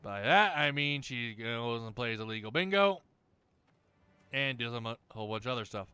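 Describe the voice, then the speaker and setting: A man ranting angrily and profanely over gameplay, mocking people in shrill voices. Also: animated, normal speed, bright, forceful tone, clean tone, no room sound, soft background music. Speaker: let's play host. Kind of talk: angry rant over gameplay.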